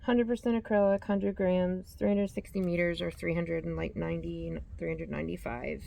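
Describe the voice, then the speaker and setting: A woman's voice: lowish voice, fairly even intonation, normal speed, vocal fry, dark tone, a little hiss or hum. A woman hosting a yarn vlog, chatting casually as she reads out yarn labels and corrects herself as she goes. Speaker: yarn channel host. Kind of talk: casual show-and-tell vlog.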